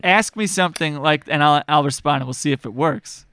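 A man co-hosting a casual podcast chat, goofy and quick to laugh at his own jokes. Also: on the high side, sharp tone, clean tone, no echo. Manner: goofy, jokey, giggly. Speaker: podcast co-host.

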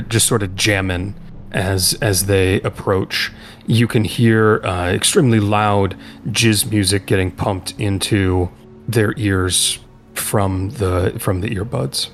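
Low-voiced man running a tabletop game. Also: slight background noise. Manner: loose, halting narration full of fillers. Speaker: game master. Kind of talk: narrating a tabletop role-playing game.

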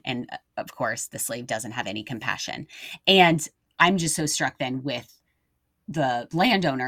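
A young adult woman co-hosts a casual faith podcast, telling stories earnestly and animating what people said in quoted voices. Her voice is bass, and the recording is dry with clean studio sound.

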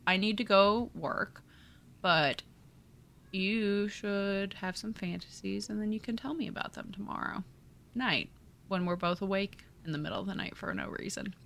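A woman voicing a flirty male romance novel hero, in a low-key, teasing murmur. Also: moderate pace, gravelly, fairly bright tone, a little hiss or hum.

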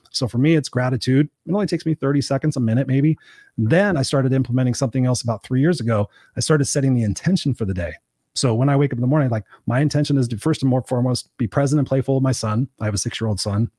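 A man's voice: medium pitch, a little mellow, no room sound, clean studio sound. A man, a life coach and speaker, telling personal stories bluntly in an interview and swearing casually. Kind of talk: candid storytelling in a podcast interview.

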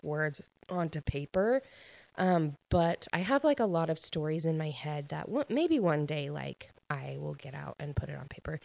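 A woman's voice: sits low, vocal fry, darkish tone, dry recording. A young woman in casual chat about a book, rambling and chatty, full of fillers. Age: young adult. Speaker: book reviewer.

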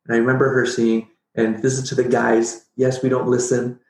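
A middle-aged man telling a personal story as a podcast guest, animated and jokey, acting out his own past reactions. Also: mid-range voice, fairly quick. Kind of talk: casual storytelling interview. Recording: roomy echo.

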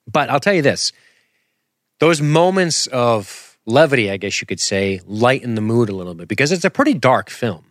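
A man hosting a podcast, talking in an animated, rambling, self-deprecating way and throwing in sound effects. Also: medium pitch, normal speed, no echo, studio quality. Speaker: podcast host. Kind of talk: casual podcast commentary.

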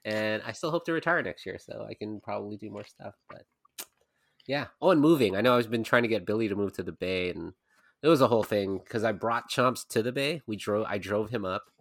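A man's voice: lowish voice, brisk, dry recording, clean studio sound. A young adult man co-hosting a podcast in casual chat, rambling through anecdotes with lots of swearing and laughter. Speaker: podcast co-host.

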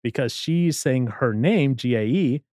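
A man's voice: medium pitch, a little slow, dry recording, studio quality. A man in casual chat, retelling a comedy scene and acting out the characters' lines. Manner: animated storyteller, acts out quoted lines.

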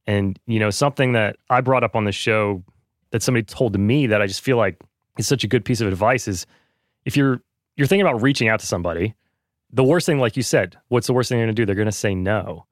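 A man's voice: fairly low pitch, fast talker, no echo, studio quality. Earnest man chatting on a podcast. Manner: earnest, many fillers. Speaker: podcast host, guest. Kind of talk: casual conversation.

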